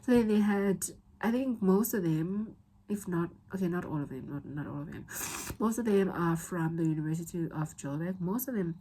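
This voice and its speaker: A woman's voice: lowish voice, animated, normal speed, warm tone, a little hiss or hum, low-quality recording. A young woman with a South African accent telling a candid, rambling personal story in a vlog, at times tearful. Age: young adult. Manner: candid, rambling, emotional, with many restarts. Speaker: vlogger.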